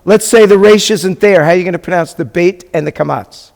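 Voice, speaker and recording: A man's voice: sits high, fairly quick, creaky. A man teaching a beginners' class as a rabbi, talking casually and stopping often to ask his students questions. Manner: patient, chatty, asks the class questions. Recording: long hall reverb.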